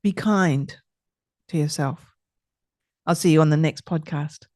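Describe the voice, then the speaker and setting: A middle-aged woman hosting a podcast, calmly leading listeners through slow breathing exercises with gentle, soothing instructions. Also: low voice, dry recording, clean studio sound. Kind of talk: calm guided breathing exercise.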